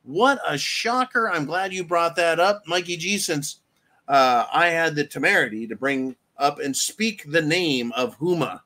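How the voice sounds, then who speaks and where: A man's voice: a little high, animated, measured pace, bright, forceful tone. A middle-aged man hosting a solo commentary rant, rambling, sarcastic and profane. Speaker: host.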